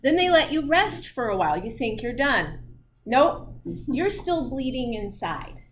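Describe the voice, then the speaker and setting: A woman's voice: high voice, big pitch swings, unhurried, a bit bright, slight background noise. A middle-aged woman teaching physiology in a chatty style, telling personal stories and laughing often. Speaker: physiology instructor. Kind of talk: lecture with personal anecdotes.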